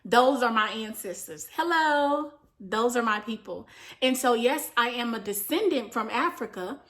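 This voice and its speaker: A woman's voice: a little high, normal speed, a bit bright. A young woman from the United States talking earnestly to camera in a vlog, explaining at length with frequent fillers. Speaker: vlogger. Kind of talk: casual talk to camera, reading from notes.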